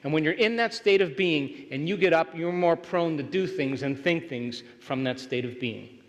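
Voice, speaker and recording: Lecturing at a motivational seminar before a live crowd, a man with a fairly high voice speaks at a moderate pace. He keeps them engaged by asking if they follow, and the sound reverberates like a large hall.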